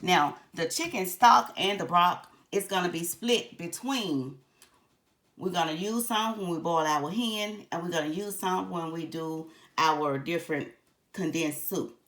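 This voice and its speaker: Older lady walking through a recipe, chatty, kinda low voice, calls you honey. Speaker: home cook. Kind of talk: cooking tutorial.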